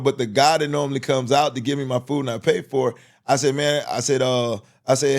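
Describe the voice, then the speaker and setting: A man talks on a casual podcast. His pitch sits in the middle range. He tells personal stories in a rambling, loose way, restarting his sentences often. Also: steady tone, fairly quick. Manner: rambling, storytelling with many restarts. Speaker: podcast co-host. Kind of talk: casual conversation.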